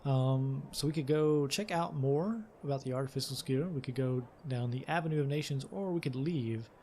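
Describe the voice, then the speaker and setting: A man's voice: medium pitch, moderate pace, darkish tone, a little hiss or hum. A man hosting a let's play, reading game text aloud and commenting casually, with fillers and self-corrections.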